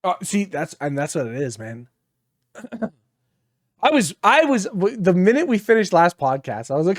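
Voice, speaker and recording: Sleepy, animated man with a lively voice. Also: high voice, moderate pace, no room sound, clean studio sound. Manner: sleepy, rambling, swears freely. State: tired. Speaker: podcast co-host. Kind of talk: casual chat.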